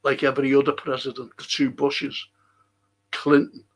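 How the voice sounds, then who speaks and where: A man's voice: medium pitch, completely flat delivery, normal speed. A man, older, hosting a podcast in casual rambling talk and chuckling through his stories. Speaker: podcast host.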